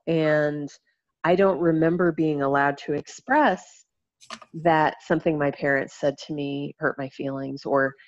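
A woman's voice: sits low, darkish tone, no echo. Woman, thoughtful casual talk, frequent restarts, close dry mic, muffled tone. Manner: reflective, halting, many restarts and fillers. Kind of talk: casual conversation.

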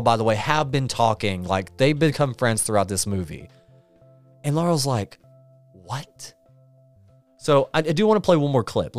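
A male podcast host recaps a movie in a loose, rambling way, full of fillers and amused asides. His mid-pitched voice swings widely as he acts out lines. Faint music plays behind him. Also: no echo.

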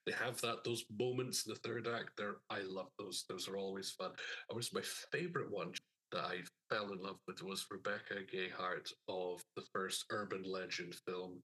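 A man co-hosts a horror film podcast in relaxed, casual chat. His voice is low and husky, with a bright edge, and he drops dry asides. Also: moderate pace, low-quality recording. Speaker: podcast co-host.

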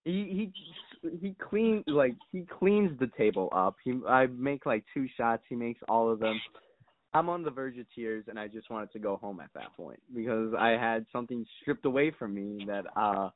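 This young man's medium-pitched voice is expressive and moves at a moderate pace as he guests on a casual podcast. His stories ramble along in a tongue-in-cheek serious tone, full of fillers and profanity, captured with no echo and a dry, tinny, phone-like sound.

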